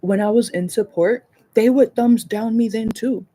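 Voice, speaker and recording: A woman hosting a casual livestream chat, rambling and animated, swearing freely and laughing often. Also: a little high, normal speed. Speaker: livestream host.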